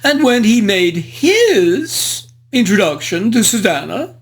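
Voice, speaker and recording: A performer voicing a frivolous, foppish English aristocrat gentleman, narrating a book review in character with flowery, old-fashioned, genteel diction. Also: mid-range voice, sing-song, slow pace.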